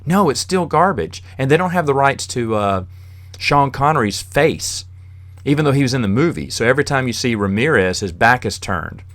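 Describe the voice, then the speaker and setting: A man's voice: mid-range voice, lively intonation, moderate pace, fairly bright tone, dry recording. A man hosting a podcast on his own, telling rambling stories in a casual monologue and chuckling as he goes. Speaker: podcast host.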